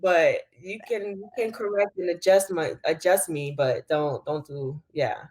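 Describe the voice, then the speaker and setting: A woman's voice: sits low, a little slow, darkish tone. A woman co-hosting a casual podcast chat, frank and emphatic as she gives advice. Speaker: podcast co-host.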